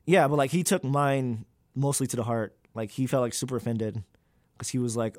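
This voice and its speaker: A man's voice: medium pitch, fairly even intonation, moderate pace, few pauses, a little mellow, no echo. A young man, a graduate student, talking candidly in an interview, with many fillers and loose, rambling sentences. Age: young adult.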